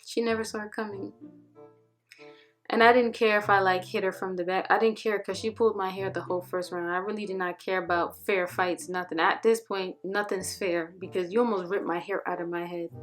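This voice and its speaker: A young woman vlogger telling a casual storytime with animated, slangy delivery, acting out what people said. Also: mid-range voice, brisk, faint music behind. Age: young adult.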